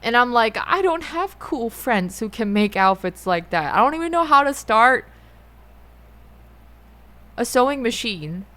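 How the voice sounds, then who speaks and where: A young adult woman talking through her feelings in a personal monologue, halting and often rephrasing herself. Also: on the high side, big pitch swings, pushed and bright. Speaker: musician and host.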